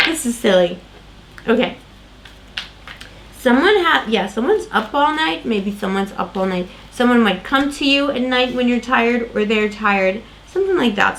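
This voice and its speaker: A woman's voice: on the high side, lively intonation, normal speed, vocal fry, hardly any pauses, slight background noise, poor audio. Chatty woman tarot reader, rambling. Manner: rambling, self-interrupting, lots of fillers. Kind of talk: casual tarot reading.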